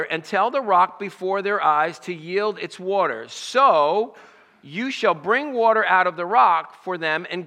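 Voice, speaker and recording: High, bright-voiced man preaching in a hall. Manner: preaching with rising emphasis and acted quotes. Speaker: pastor. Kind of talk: sermon.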